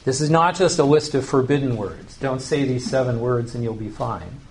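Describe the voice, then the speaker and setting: A man preaching a sermon, earnest and teaching, slowing down to stress key phrases. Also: mid-range voice, a little mellow, slight background noise. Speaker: pastor.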